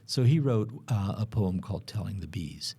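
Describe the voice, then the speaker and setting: A man's voice: on the low side, expressive, moderate pace, dark tone, husky. A man co-hosting a podcast, explaining in a rambling, hesitant way with many fillers. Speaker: podcast co-host explaining bees. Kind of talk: casual explanatory chat.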